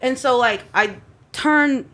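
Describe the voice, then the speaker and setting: Woman, panel guest, personal storytelling, lively, acts out quotes, fairly high voice. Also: slow.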